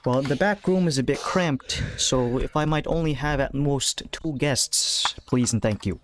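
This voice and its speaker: A man's voice: medium pitch, a little slow, background noise, lightly acted. A man voicing a courteous florist who fakes being blind and puts on an accent, speaking in an overly polite, formal way.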